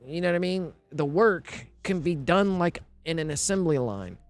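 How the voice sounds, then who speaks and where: A man's voice: fairly high pitch, expressive, moderate pace. A man streaming live, rambling and thinking aloud in casual talk, often repeating himself and asking if you know what he means.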